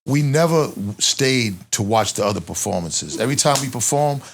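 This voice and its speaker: A man with a Boston accent, an interview guest telling a long story in a casual, profane, animated way. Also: normal speed, creaky, a little hiss or hum. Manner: animated, profane street storytelling, rises in pitch when reliving tense moments.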